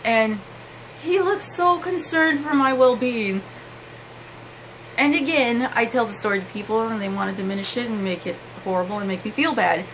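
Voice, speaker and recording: Young woman vlogger, slightly high voice, earnest and halting, faint hiss behind. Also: fairly bright tone, low-quality recording. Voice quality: halting and emotional, with many restarts. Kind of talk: emotional personal storytelling.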